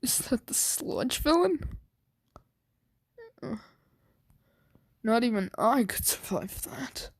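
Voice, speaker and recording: A woman's voice: fairly high pitch, expressive, takes it slowly, pauses often, breathy edge, no room sound, clean studio sound, voice pushed up, exaggerated voice. A woman doing a stunned heroic grown man. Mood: shocked. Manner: stammering, bewildered.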